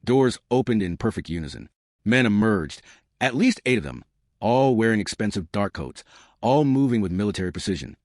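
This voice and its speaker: A man narrating a dramatic story in a scripted, expressive way. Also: fairly low pitch, moderate pace, dry recording, studio quality.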